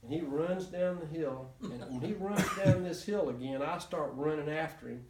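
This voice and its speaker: A man tells a story in a loose, rambling way, stopping to restart and chuckle. His voice sits a bit high for a man. He is picked up from far off in an echoey room. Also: moderate pace, heavy background noise. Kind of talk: casual storytelling to a small group.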